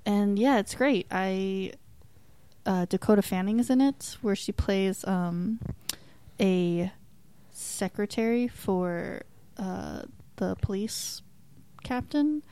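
A woman's voice: medium pitch, slow, clean tone, no room sound. Chatty woman, casual podcast review. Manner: relaxed, chatty, trails off with ums and likes. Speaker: podcast co-host reviewing a TV show. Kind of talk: casual chat.

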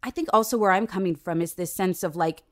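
A woman from San Diego, a guest actor talking in a casual conversation, earnest and reflective with animated asides. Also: lowish voice, quick pace. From San Diego, USA.

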